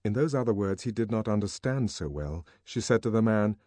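With a lowish voice, this narrator reads an audiobook in a controlled yet expressive storytelling style. The close studio mic picks up no room sound.

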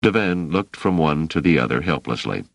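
A man narrating an audiobook in a measured, expressive storytelling manner. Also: extremely low pitch, vocal fry, dry recording. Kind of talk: scripted narration.

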